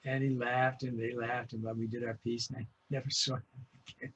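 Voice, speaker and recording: An older man, a voice actor being interviewed, telling lively stories and acting out voices as he recalls his work. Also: medium pitch, a little fast, highs cut off, slight background noise. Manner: lively storyteller, acts out voices. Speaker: guest voice actor.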